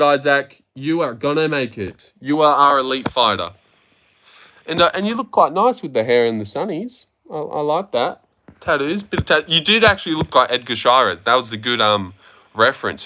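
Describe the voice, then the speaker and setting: A young livestream host with a mid-range, sharp-toned voice and lively intonation speaks at normal speed. He reads viewer comments and reacts to them, joking and swearing as he banters with his chat casually.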